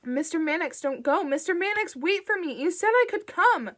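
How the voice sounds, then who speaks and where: A woman's voice: lively intonation, normal speed, fairly bright tone. A woman voicing a desperate, childlike grown man who begs and screams. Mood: desperate pleading. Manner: shrill, begging, screaming.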